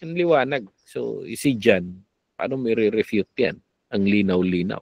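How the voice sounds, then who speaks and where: A man with a Filipino accent teaching a Bible lesson, switching between Tagalog and English, animated, with sarcastic asides. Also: lowish voice, moderate pace, vocal fry, no room sound. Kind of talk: Taglish Bible lecture.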